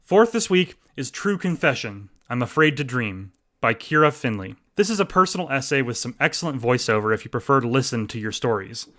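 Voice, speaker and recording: Bright, eager male podcast host. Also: mid-range voice, big pitch swings, a little fast, few pauses. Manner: enthusiastic, chatty, self-deprecating. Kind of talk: casual podcast recommendations.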